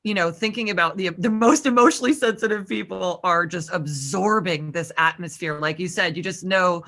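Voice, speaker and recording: A woman hosting an interview, asking questions in a halting way, with many fillers. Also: on the low side, fairly bright tone. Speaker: host and interviewer.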